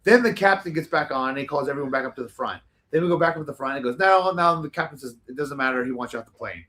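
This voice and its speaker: A man telling casual, animated stories as a talk show guest, rambling with lots of fillers and restarts. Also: fairly high pitch, fast talker.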